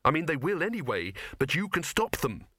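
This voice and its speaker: A man voicing an urgent young man who insists and explains in a hurried, pressing way. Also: a little high, very animated, pushed and bright, voice pushed up, exaggerated voice.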